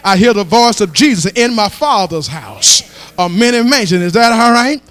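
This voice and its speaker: A man preaching a sermon as pastor, rising into shouted and half-sung call-and-response lines, recorded in a church with a mains hum. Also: high-pitched, very animated, normal speed. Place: church sanctuary.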